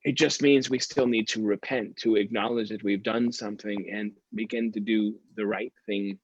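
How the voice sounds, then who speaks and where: A man's voice: fairly low pitch, fairly even intonation, moderate pace, dull audio. A man, a pastor, teaching a Bible study in a conversational storytelling way.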